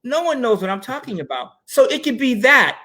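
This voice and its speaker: A man co-hosting a casual panel talk, animated and addressing viewers directly as he tells stories. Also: very high voice, a little fast. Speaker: co-host.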